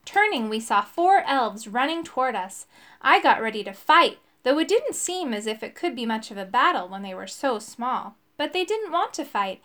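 A woman narrating a children's fantasy book in the first person, with expressive reading. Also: on the high side, normal speed. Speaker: audiobook narrator. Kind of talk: storybook narration.

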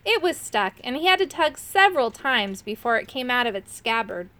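A woman reading a children's chapter book aloud with expressive, dramatic delivery. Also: a little high, normal speed. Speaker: narrator.

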